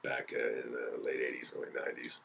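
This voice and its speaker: A very deep-voiced man from Philadelphia, in his forties, spinning lively stories as a guest on a radio show. He slips into other people's voices as he tells them, with a faint hiss of noise under the talk. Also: fast, vocal fry. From Philadelphia, USA. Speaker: guest actor. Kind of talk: casual storytelling interview. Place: radio studio.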